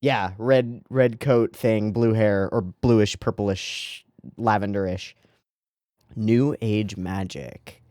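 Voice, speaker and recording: An anime reaction host talking casually and excitably, rambling into giggly asides while watching an episode. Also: medium pitch, takes it slowly, no echo, clean studio sound.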